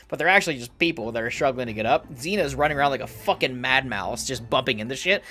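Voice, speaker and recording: A man's voice: medium pitch, animated, fast talker, hardly any pauses, bright, forceful tone, faint music behind. A man narrating a tabletop role-playing game as game master, casual and swearing freely. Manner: casual, swears, laughs often.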